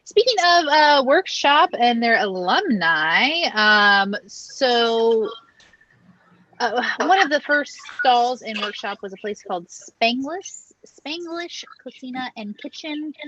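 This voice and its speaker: A chatty woman co-hosting a casual local food news show, filling gaps with ums and uhs. Her voice sits a bit high. The sound is dull and lo-fi, with a dry, close room. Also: animated, slow pace, sharp tone, dry recording. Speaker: podcast co-host.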